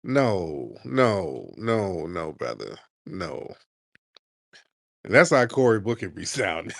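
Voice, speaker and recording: Blunt, mocking man with a low voice. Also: sing-song, slow, creaky, a bit bright, dry recording, studio quality. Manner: blunt, mocking, casual, laughs often. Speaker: host. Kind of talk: comedic commentary.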